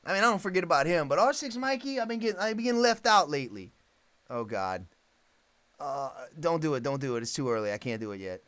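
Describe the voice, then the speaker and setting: A man's voice: a little high, big pitch swings, quick pace, a bit bright, dry recording. A man hosting a casual live stream, rambling, swearing freely and laughing often. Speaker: livestream host.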